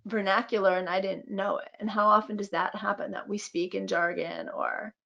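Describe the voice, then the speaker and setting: A woman's voice: medium pitch, flat delivery, moderate pace, creaky, sharp tone, lo-fi sound. Reflective woman in her fifties, storyteller. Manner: reflective storytelling with frequent fillers. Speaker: guest physician and midwife. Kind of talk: webinar conversation.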